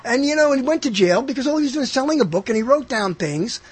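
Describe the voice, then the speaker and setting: A man's voice: extremely high pitch, animated, fast, slightly rough, no echo. A man hosting a casual comedy podcast, rambling and joking, slipping into mock announcer bits. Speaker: podcast host.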